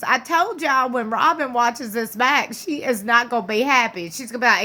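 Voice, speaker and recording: A chatty woman with a bright, forward voice that sits a little high, recapping a reality show. She talks in a sassy, gossipy way, full of slang, and drops into playful mocking impressions of the people she discusses. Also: animated, moderate pace.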